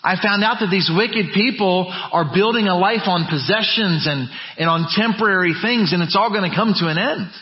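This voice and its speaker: A man preaching a sermon as pastor, emphatic, dropping to low quiet phrases and building back up. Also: moderate pace, hardly any pauses. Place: church sanctuary. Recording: muffled church recording with long reverb.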